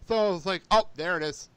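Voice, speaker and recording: A young man hosting a casual podcast chat, excitable and quick to laugh as he tells stories. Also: high-pitched, no echo. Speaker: podcast host.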